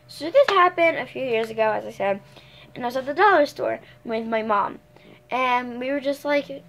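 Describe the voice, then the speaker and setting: A teenage girl telling stories to her viewers in a loose, rambling way. She fills gaps with fillers and keeps correcting herself. Her voice sits a little high for her age. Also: a bit bright. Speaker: vlogger. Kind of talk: casual storytime chat.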